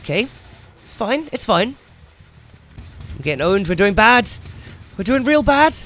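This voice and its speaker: Excitable high-voiced young man gaming. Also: measured pace, slight background noise. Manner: excitable, swears loudly when frustrated. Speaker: gaming YouTuber. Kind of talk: live gameplay commentary.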